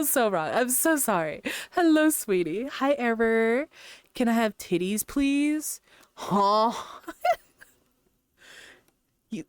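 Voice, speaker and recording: Giggly young woman streamer, lively voice. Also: mid-range voice, clean tone, no room sound. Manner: chatty, giggly, greets chat by name. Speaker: VRChat streamer. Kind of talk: casual stream chat.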